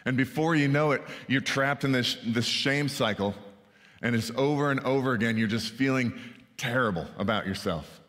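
Speaking at a moderate pace in a mid-range, somewhat bright voice, a pastor delivers a conversational sermon and keeps asking the congregation "right?" The sanctuary setting adds a long reverb.

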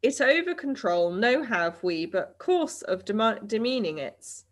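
A woman voicing an odd young woman who speaks backwards, slowly and deliberately. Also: mid-range voice, big pitch swings, pitched above the performer's own voice. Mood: deadpan.

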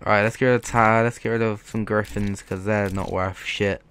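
A man's voice: fairly low pitch, flat delivery, normal speed, fairly bright tone, smooth. A man commentating as a gaming YouTuber, frustrated and swearing as he pleads with the game. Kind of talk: let's play commentary.

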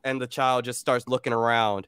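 A man's voice: mid-range voice, level tone, moderate pace, fairly bright tone, clear, resonant tone, no room sound, clean studio sound. A man narrating as game master of a tabletop game, rambling loosely with many fillers.

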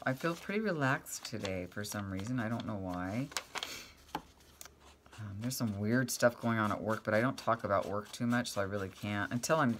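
A woman's voice: extremely low pitch, slight background noise. A middle-aged woman chatting casually as she makes crafts at home, rambling and talking to her cat now and then. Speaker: craft vlogger.

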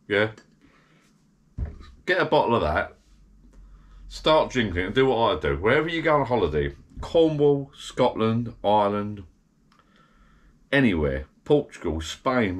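A deep-voiced man chats loosely in his backyard garden bar shed. He rambles and drifts from one tangent to the next in a relaxed, everyday way. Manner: rambling, digressive, chatty. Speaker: vlogger. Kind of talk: casual rambling chat.

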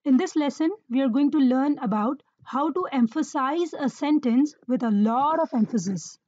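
High-voiced woman teaching Arabic grammar. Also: mellow, no room sound, muffled recording. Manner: measured, explanatory, checks in with "right?". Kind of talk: lesson explaining Quranic Arabic grammar.

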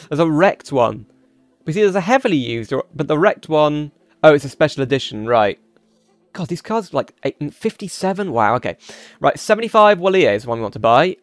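A man's voice: fairly high pitch, lively intonation, brisk, no room sound. A man giving first-impressions commentary on a racing sim, reading the game's text aloud and often stumbling over the words. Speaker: gaming YouTuber.

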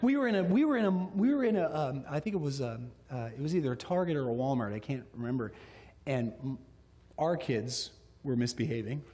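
A middle-aged man preaching a sermon, telling stories with lively delivery and acting out little voices. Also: mid-range voice, brisk. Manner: animated storytelling, acts out voices. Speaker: pastor. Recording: echoey hall.

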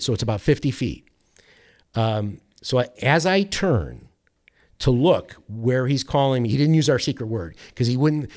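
Man telling a rambling sports anecdote. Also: mid-range voice. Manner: rambling, animated anecdote with quoted voices and self-corrections. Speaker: sports radio producer, guest. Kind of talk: casual storytelling.

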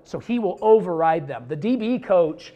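A man explaining his defensive scheme like a football coach at a clinic, blunt and quick with a joke. His voice sits a little high for a man. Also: dull audio. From Idaho, USA. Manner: blunt, joking, animated storytelling.

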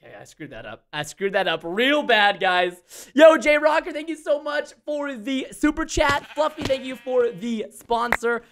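A young man hosting a game stream, joking and bursting into excited shouts during play. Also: extremely high pitch, normal speed, few pauses. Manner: loud, jokey, bursts into shouts. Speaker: gaming host. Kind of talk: excited gameplay commentary.

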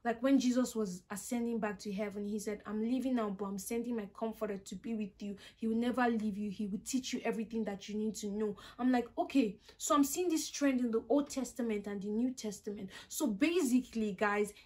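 A young woman speaks to her viewers in a casual, heartfelt vlog. Her voice sits slightly high. She paraphrases verses and encourages listeners with earnest conviction. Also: a little fast, few pauses, a little mellow. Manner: earnest, heartfelt, quotes scripture in her own words. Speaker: accounting vlogger. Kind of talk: casual encouraging talk to camera.

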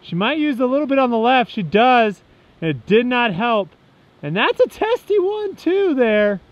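A man's voice: very high voice, big pitch swings, normal speed, no echo. A man from the Southern United States giving playful sportscaster-style commentary on a mini golf game outdoors. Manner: joking sportscaster-style play-by-play. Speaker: vlog host. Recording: dull lo-fi outdoor audio with faint noise.

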